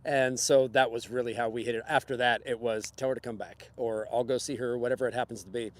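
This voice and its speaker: A man's voice: mid-range voice, fairly even intonation, fast talker. Rambling, chuckling man telling a story. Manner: rambling, conversational, with filler words and chuckles. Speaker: livestream host. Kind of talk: casual storytelling livestream.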